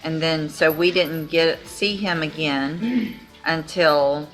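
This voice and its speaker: A woman judge presiding in a courtroom, asking brisk, matter-of-fact questions. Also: low-pitched, fairly bright tone, faint music behind. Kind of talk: courtroom proceedings.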